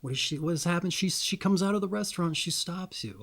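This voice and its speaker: A man's voice: high voice, fast talker, gravelly, hardly any pauses. A man hosting a casual monologue, rambling in a folksy way and repeating pet phrases. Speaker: astrology video host.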